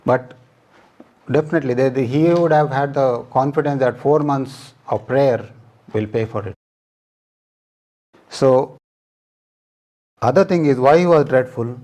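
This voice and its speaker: A man's voice: medium pitch, darkish tone. Man preaching a sermon, plain-spoken. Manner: explains scripture verse by verse in plain, halting speech.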